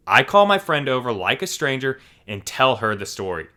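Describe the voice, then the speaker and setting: A man hosting a channel and narrating online posts in an animated, expressive storytelling way. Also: medium pitch, normal speed, few pauses. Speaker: channel host reading stories.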